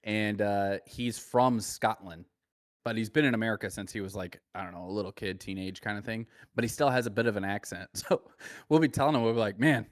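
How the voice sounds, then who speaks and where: Fast-talking joking podcast co-host man. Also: fairly low pitch, dry recording, clean studio sound. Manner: fast banter, jokey asides. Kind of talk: casual chat.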